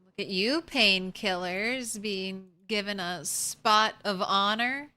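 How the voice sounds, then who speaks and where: A woman streamer talks through her game in a relaxed, chatty way, speaking to herself and to things on screen. Her voice is bright and clean, set a little high, and she takes her time between thoughts. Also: takes it slowly, clear, resonant tone. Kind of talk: casual gameplay commentary.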